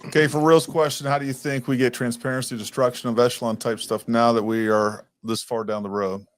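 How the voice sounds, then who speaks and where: A man's voice: medium pitch, flat delivery, fairly quick. A man hosting a casual podcast interview, talking conversationally and putting a listener's question to the guest. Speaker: podcast host.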